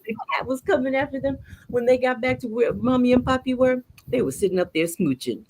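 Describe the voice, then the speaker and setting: Expressive bilingual woman storyteller. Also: a little high, fairly quick, low-quality recording. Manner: expressive, mixes Spanish words into English. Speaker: storyteller guest. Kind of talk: storytelling in an interview.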